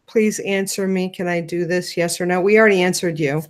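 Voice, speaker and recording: A woman from the United States hosting a casual question-and-answer chat, rambling and relaxed. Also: fairly low pitch, fairly quick. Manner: rambling, lots of fillers, relaxed. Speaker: host.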